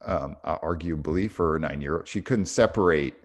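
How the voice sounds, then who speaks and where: A man's voice: a bass voice, normal speed. A middle-aged man telling a story on a casual spiritual podcast, reflective and full of small restarts. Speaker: podcast co-host.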